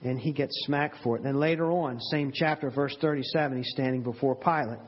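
A man's voice: medium pitch, fairly even intonation, brisk, slightly rough, dull audio. A male pastor preaching a sermon in an earnest, emphatic way, with many rhetorical questions.

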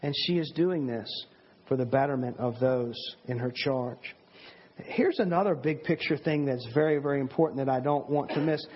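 A man's voice: medium pitch, moderate pace, muffled recording, slight background noise. A man preaching a sermon in an earnest, emphatic way, often repeating words and restarting his sentences.

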